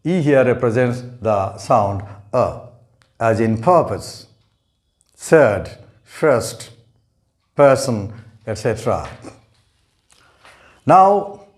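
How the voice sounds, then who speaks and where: Slow, deliberate male pronunciation teacher. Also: medium pitch, expressive. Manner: spells out letters and repeats words slowly and deliberately. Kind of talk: recorded pronunciation lesson.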